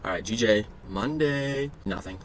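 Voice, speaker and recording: A man's voice: lowish voice, unhurried, slight background noise. A man giving casual, crude and joking commentary while reviewing his trading charts, with profane rambling asides. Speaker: day trading vlogger. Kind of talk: casual screen-share commentary.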